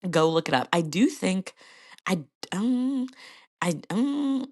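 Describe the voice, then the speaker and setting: A woman's voice: medium pitch, animated, takes it slowly, darkish tone. A woman hosting her own podcast in a casual, chatty way, her voice scratchy from being sick. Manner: chatty, bubbly, breaks into short sung snippets. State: scratchy voice from illness. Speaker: podcast host. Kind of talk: casual solo podcast chat.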